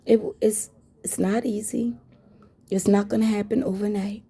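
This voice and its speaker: A woman's voice: mid-range voice, flat delivery, normal speed, mellow, husky. A woman telling a story to her viewers in a blunt, frank way, with swearing. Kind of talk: casual story time.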